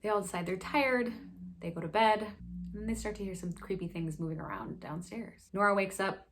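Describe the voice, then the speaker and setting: A woman's voice: mid-range voice, background noise. Sassy woman recapping a thriller. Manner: sassy, chatty, quick asides. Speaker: book review host. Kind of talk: casual book recap.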